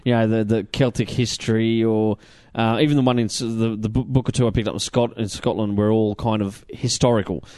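An Australian man co-hosting a podcast, chatting casually in an animated, rambling way with plenty of fillers and restarts. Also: fairly low pitch, fairly quick, hardly any pauses, no room sound, clean studio sound. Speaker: podcast co-host. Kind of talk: casual chat.

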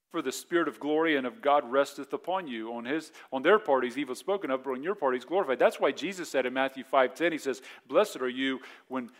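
A male pastor in his forties delivers a sermon in a loose, conversational way. His voice sits at an ordinary middle pitch. He keeps slipping into short voiced asides. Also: a bit bright. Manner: conversational preaching, acts out quick voiced asides.

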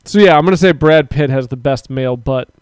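A man's voice: a little high, a little fast, clear, resonant tone, dry recording, clean studio sound. A man co-hosting a livestream, bantering crudely, laughing often and reading chat aloud. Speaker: livestream co-host.

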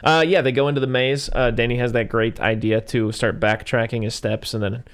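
A man's voice: medium pitch, fairly even intonation, fairly quick, fairly bright tone, clean tone. A man in casual conversation recapping a movie, rambling with fillers and casual swearing. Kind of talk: casual film discussion.

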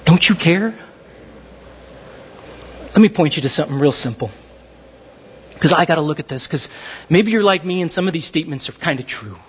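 A man preaching a sermon in a lively, conversational way, acting out the voices of the people in his story. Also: a little high, quick pace, slightly rough, lo-fi sound. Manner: animated, acts out voices of characters. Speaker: pastor.

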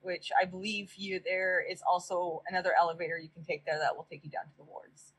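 Gaming-chat regular: woman with a husky, breathy voice who explains things patiently. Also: fairly low pitch, level tone, fairly quick, low-quality recording. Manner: helpful, explains game routes step by step.

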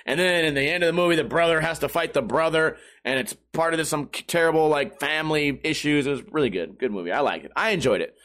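A man ranting casually to his viewers, swearing often and rambling with restarts. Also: fairly high pitch. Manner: profane, animated, rambling with restarts. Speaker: talker addressing viewers.

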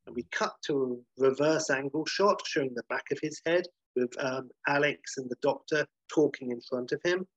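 A man, casually pitching and reading out a film script, rambling and correcting himself as he goes. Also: moderate pace, few pauses, fairly bright tone, no room sound, muffled recording. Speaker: podcast host pitching a film idea.

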